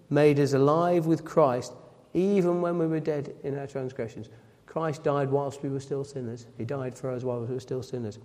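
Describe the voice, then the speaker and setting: A man preaches a sermon in a dark, steady mid-range voice at normal speed with few pauses, reading scripture aloud and then explaining it. He often repeats phrases and corrects himself. A long hall reverb colors the recording.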